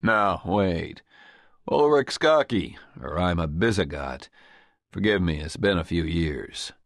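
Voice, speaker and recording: A male narrator voicing a grave, reserved nobleman who speaks quietly. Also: low-pitched, expressive, slow, vocal fry, dry recording, studio quality, full character voice.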